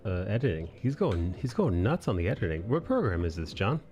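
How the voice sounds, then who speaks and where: Low-voiced man, rambling stream host. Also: very animated, a little fast, darkish tone, muffled recording, slight background noise. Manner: rambling, laughs often. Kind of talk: casual chat.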